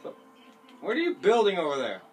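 A man's voice: sits high, a little fast, faint music behind. A man doing casual gaming commentary with a friend, pleading, teasing and yelping as he plays. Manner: excitable, yelps and shouts when playing. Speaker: gaming video host.

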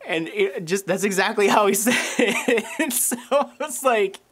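Speaking a little slowly in a high, husky, slightly bright voice, a man in his thirties preaches as a pastor. He tells stories during the sermon, imitating the voices of those he quotes.

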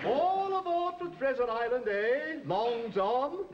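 A man's voice: very high-pitched, expressive, takes it slowly, full character voice. An actor playing a hearty male ship's doctor who humours his patient in a sing-song, coaxing way, in a 1950s radio comedy. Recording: muffled old radio recording with hiss.

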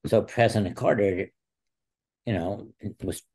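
Brief: man in his 60s, deep and gravelly, dark husky tone, a lively storyteller who acts out quotes. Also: a little slow. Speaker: guest, former wrestler and teacher. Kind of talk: storytelling interview talk.

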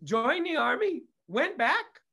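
A man's voice: very high-pitched, very animated, slow, creaky, bright, forceful tone. A middle-aged man, a guest on an interview show, telling family stories in a casual, candid way, swearing freely and wandering into asides. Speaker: guest, comedy producer and director.

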